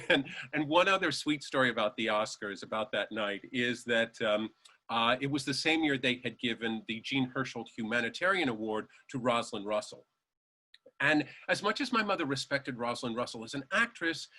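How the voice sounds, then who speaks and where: A man with a bright, forceful voice of middle pitch tells show-business stories as an interview guest. He slips into the voices of the people he quotes and laughs as he goes. His delivery is lively and animated. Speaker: guest storyteller. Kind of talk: anecdotal interview storytelling.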